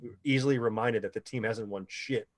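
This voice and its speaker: A man's voice: on the low side, a little fast, dry recording. A man in his thirties, a guest telling stories in a casual interview, rambling with lots of fillers. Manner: rambling with many fillers, animated when quoting others. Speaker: podcast guest, pro paintball player.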